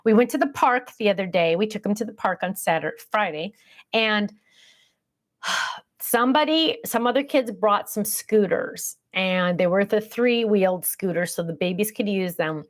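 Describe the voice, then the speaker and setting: A woman's voice: mid-range voice, moderate pace. A middle-aged woman hosting a casual livestream, chatting in a rambling way and reading out viewer comments. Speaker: livestream host.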